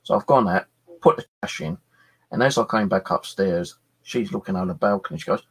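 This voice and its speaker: A middle-aged man hosting his channel, telling an animated story from his flat with some swearing and acted-out exchanges. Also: low voice, brisk, breathy edge. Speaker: channel host. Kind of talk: casual storytelling chat.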